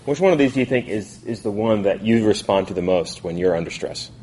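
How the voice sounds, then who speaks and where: A man in his thirties leads a group Bible study. His voice sits low, and he talks casually, full of "um"s and restarts. A soft hiss of room noise stays underneath him. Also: lively intonation, fairly quick. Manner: conversational, with frequent fillers and restarts.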